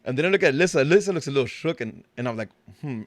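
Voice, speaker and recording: A man's voice: medium pitch, lively intonation, very fast, no echo, clean studio sound. A man hosting a casual podcast, laid-back and joking, swearing freely. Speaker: podcast host.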